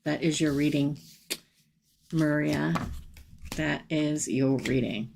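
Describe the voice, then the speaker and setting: A woman's voice: sits low, fairly even intonation, slow pace, creaky, a little mellow, slight background noise. A middle-aged woman doing live tarot readings, chatty and exclaiming over cards, addressing viewers by name. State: emotional after crying all night. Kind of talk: live-stream tarot reading, casual chat.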